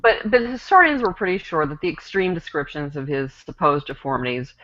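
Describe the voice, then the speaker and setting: A woman on a casual online panel, explaining a topic in a wry, measured way over a video call. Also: low voice, animated, dull audio, noisy background.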